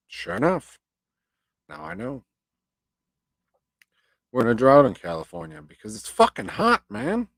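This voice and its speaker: Man, deep-ish voice, dry close sound, live-stream host, swearing, rambling chat. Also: no echo, low-quality recording. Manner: profane, rambling, ranting.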